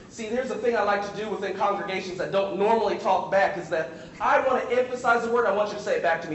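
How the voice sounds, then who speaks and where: A man's voice: high voice, quick pace, few pauses, highs cut off, slight background noise. A man preaching a sermon in a church, calling on the congregation to repeat words and slipping into colloquial asides. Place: large church hall. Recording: echoey hall.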